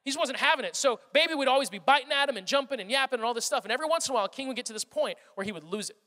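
High, bright-voiced preacher in a hall. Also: male voice, lively intonation, rapid-fire. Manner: conversational, repeats words, storytelling. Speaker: pastor. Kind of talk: sermon.

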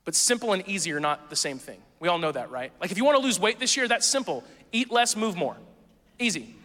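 Bright-voiced preacher man in a reverberant hall. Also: high voice, sing-song. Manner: conversational and playful, with quick asides to the congregation. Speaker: pastor. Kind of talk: sermon.

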